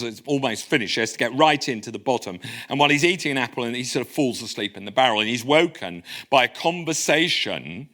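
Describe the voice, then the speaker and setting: A man giving a public lecture in a lecture room, lively and conversational, with wry asides. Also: mid-range voice.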